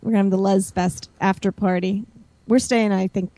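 A woman's voice: mid-range voice, fairly even intonation, moderate pace, warm tone, dry recording. A woman with a Pittsburgh accent, a guest chatting in an upbeat, easygoing way. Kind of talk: casual chat.

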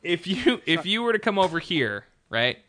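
An American man hosting a loose podcast conversation, with playful, crude banter. His voice is bright and moves up and down a lot. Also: high-pitched, very animated, moderate pace. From United States. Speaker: podcast host. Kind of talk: casual chat.

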